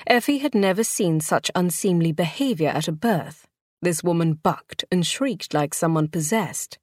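Low-voiced woman narrating an audiobook. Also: no room sound, clean studio sound. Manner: measured, expressive storytelling. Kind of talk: scripted narration.

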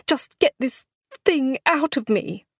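A woman voicing a distraught gentlewoman in labor, crying out in shrill anguish. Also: animated, takes it slowly, dry recording, studio quality, heavily acted. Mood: snarling. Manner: shrill anguished cries, high and strained.

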